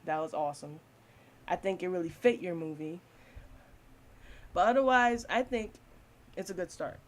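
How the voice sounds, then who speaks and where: A woman's voice: fairly low pitch, moderate pace. A woman giving a casual, blunt spoken film review, swearing freely and laughing often.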